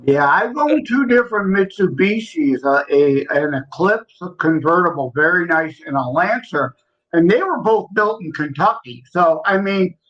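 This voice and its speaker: A man's voice: sits high, expressive, normal speed, fairly bright tone. Earnest man with a dull lo-fi sound. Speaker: podcast co-host. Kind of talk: casual chat.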